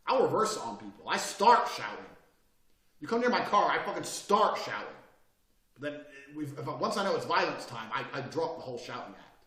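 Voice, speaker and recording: A man talking bluntly and profanely in a casual monologue, swinging between loud bursts and quiet, calm lines. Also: fairly high pitch, echoey room, recorded from a distance.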